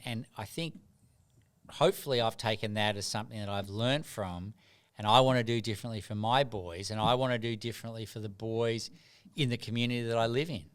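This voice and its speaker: A man's voice: fairly low pitch, smooth. A middle-aged man, a doctor telling earnest stories as a podcast guest. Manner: earnest, animated anecdotes with frequent restarts. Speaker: guest, doctor and rites of passage mentor. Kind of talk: reflective storytelling in podcast conversation.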